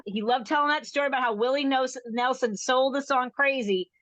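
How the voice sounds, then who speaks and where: Fast-rambling woman comic on a dry video call. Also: high voice, fairly bright tone, no echo. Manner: rambling, self-interrupting, laughing at her own jokes. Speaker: stand-up comedian. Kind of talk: stand-up storytelling over video call.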